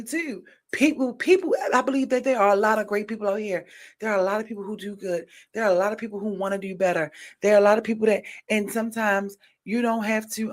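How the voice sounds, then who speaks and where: A woman hosting a podcast in casual chat, emphatic, repeating phrases for stress and swinging between loud and soft. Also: mid-range voice. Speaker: podcast host.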